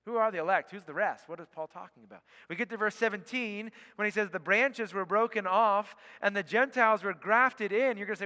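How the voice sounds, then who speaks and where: A man's voice: sits high, pushed and bright, big-room sound. A man preaching a sermon, emphatic and full of rhetorical questions, often checking in with "okay?". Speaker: pastor.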